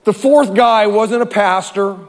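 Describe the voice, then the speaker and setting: Animated high-voiced pastor preaching. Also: male voice, unhurried, big-room sound. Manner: animated storytelling with repeated phrases. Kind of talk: sermon.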